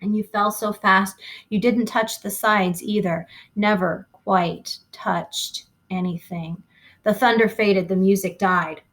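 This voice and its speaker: A woman's voice: mid-range voice, fairly even intonation, slow pace, fairly bright tone. Woman reading a novel aloud expressively. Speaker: reader.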